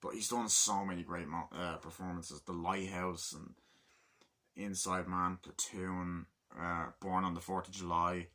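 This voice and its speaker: Male home film reviewer, lowish voice with a bright edge, rambling, excitable, swears freely. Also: measured pace. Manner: rambling, enthusiastic, swears casually. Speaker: movie reviewer. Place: room at home with window open.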